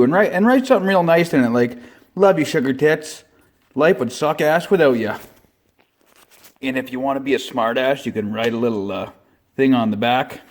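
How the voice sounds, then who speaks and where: A man, giving a crude, swear-filled mock-serious how-to as a comedy vlog host in a shop. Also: fairly high pitch. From Canada. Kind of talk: profane deadpan comedy monologue. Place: shop or garage.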